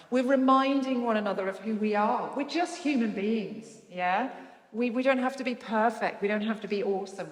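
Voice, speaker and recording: A woman leading a choral workshop, guiding a group through playful vocal warm-ups with encouragement and sudden leaps in pitch. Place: large hall with a group. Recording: echoey hall from far off.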